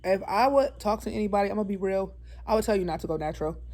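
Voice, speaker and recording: A woman's voice: mid-range voice, very fast, darkish tone. Woman, vlogger, casual storytime, earnest, talkative, preachy repetition. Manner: earnest and talkative, often calls the viewers "y'all"; slips into preaching with emphatic repetition. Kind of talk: casual storytime chat to camera.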